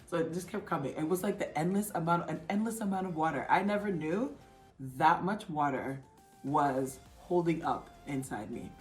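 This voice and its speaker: A woman vlogger casually telling her own story in a chatty, animated way. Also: moderate pace. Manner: chatty, animated, acts out others' lines in a high excited voice. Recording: echoey room with faint music.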